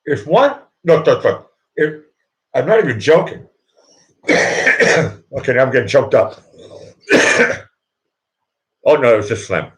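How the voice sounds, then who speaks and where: Rambling man on a slow, lively live show. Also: medium pitch. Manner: rambling, keeps repeating "look", stops and restarts. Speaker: host of his own live show. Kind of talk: rambling comic monologue.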